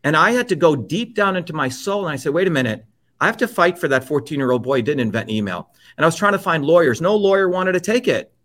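50s guy from india, interview guest, swears a lot, pushy and emphatic, voice a bit on the high side. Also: animated, fast talker, fairly bright tone. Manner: emphatic, blunt and profane. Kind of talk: impassioned personal storytelling.

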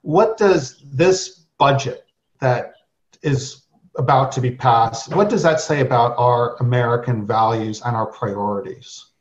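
A man's voice: mid-range voice, unhurried. Male interviewer, dull roomy sound. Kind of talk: interview questions.

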